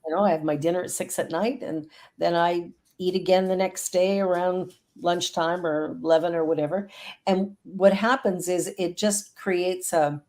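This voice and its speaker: A woman's voice: on the low side, fairly even intonation, normal speed, darkish tone. Earnest, upbeat middle-aged woman on a call. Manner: earnest, upbeat, speaks of prayer and affirmations. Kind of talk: casual chat. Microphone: video call.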